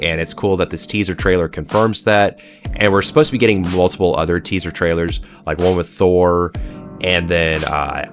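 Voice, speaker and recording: Low in pitch with a fairly bright tone, a male commentator rambles profanely about pop culture in a solo video, saying "like" and "uh" constantly.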